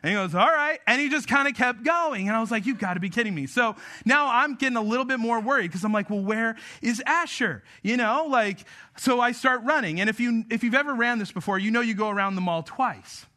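A male pastor in his thirties preaching with a high, bright, ringing voice. He tells stories in an animated way and acts out his own lines. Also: a little fast. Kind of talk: sermon with personal story.

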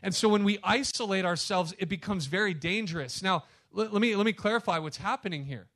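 Male pastor, emphatic conversational sermon, fairly high voice, loud-to-hushed swings. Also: fairly quick. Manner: addresses congregation directly.

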